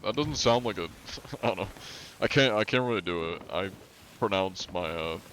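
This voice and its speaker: A young man with a deep, slightly bright voice streams a game at a desk mic, speaking at a normal pace over slight background noise. He chats casually with viewers in a laid-back way, reading their messages aloud and laughing often.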